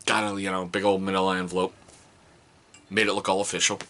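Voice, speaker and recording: A man's voice: brisk, slight background noise. A middle-aged man telling stories about his kids in a casual, joking vlog. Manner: animated, jokey, mimics his kids in high voices. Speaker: vlogger, father.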